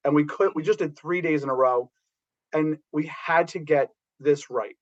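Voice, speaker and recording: A middle-aged man telling rambling, animated anecdotes about working as a background actor, with many restarts. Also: on the high side, moderate pace, highs cut off.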